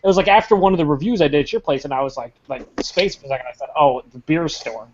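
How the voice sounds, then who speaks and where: Exasperated swearing host. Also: male voice, fairly high pitch, quick pace, darkish tone, slight background noise. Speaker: podcast host. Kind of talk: casual chat. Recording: slightly muffled recording.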